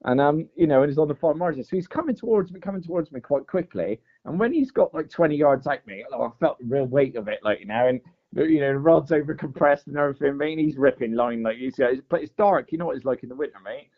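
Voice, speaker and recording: Animated man telling a story. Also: fairly high pitch, quick pace. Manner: animated storyteller, says "mate" and "like" a lot. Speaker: podcast guest. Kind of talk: casual storytelling. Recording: dull lo-fi podcast audio.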